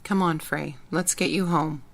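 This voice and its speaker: A woman's voice: low-pitched, steady tone, unhurried, creaky. A woman reading an audiobook, voicing a female spy friend who speaks patiently and soothingly. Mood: calm. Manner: patient, soothing, matter-of-fact. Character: calm, worried female spy and loyal friend.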